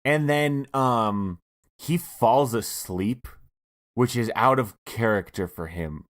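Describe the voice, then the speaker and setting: A man co-hosting a comedy podcast, calmly laying out a story pitch. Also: takes it slowly. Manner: laid-back storytelling, plays along. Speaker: podcast co-host.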